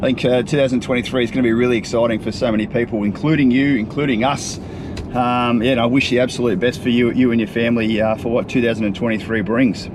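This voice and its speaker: An Australian man, a property coach and show host, talks through a casual vlog while driving, chatty and upbeat with lots of ums and uhs. His voice is medium-pitched and steady at a quick pace, with faint road and traffic noise behind him.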